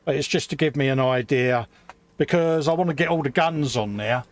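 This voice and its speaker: Bloke nattering away on a live hobby stream, slangy, playfully boastful, mid pitch. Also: male voice, fairly quick, slight background noise. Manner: chatty and slangy, boasting jokingly. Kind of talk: casual banter while building a model.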